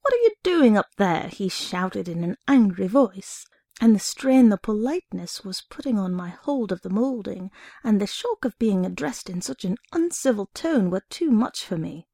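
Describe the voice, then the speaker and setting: A woman reading a short story aloud in the first person, steady and wry. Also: mid-range voice, normal speed, creaky, husky, dry recording, clean studio sound. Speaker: reader.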